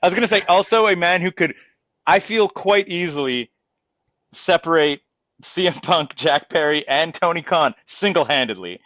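A podcast co-host whose voice is on the high side and a bit bright chats casually about wrestling at a moderate pace. His talk rambles, full of fillers and restarts. The recording is dry and the audio dull.

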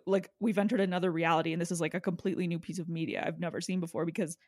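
A woman's voice: fairly low pitch, fairly even intonation, rapid-fire, a little mellow, no room sound, clean studio sound. A woman co-hosting a podcast, chatting casually in a snarky, gossipy way and laughing often. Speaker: podcast co-host. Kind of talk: casual chat.

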